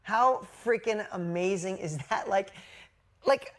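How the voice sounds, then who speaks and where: A woman business coach telling a motivational story to a live group, energetic and blunt, swearing casually. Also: medium pitch, slow.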